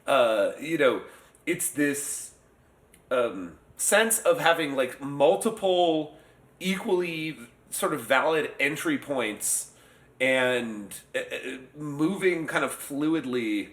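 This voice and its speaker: A man discussing a novel casually, halting and restarting his sentences often. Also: fairly high pitch, animated, fairly bright tone. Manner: hesitant, stammering restarts. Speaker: podcast host. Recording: roomy echo.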